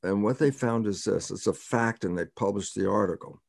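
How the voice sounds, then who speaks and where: A man's voice: on the low side, a little fast, creaky, darkish tone, no echo, clean studio sound. An older man being interviewed as a scientist, explaining in an emphatic way, repeating key words and quoting himself.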